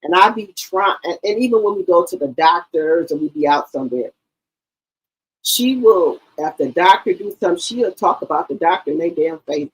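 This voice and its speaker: A middle-aged woman hosting a livestream, chatting in a casual, animated storytelling way and calling her listeners baby and girl. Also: on the low side, normal speed, husky, poor audio. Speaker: livestream host.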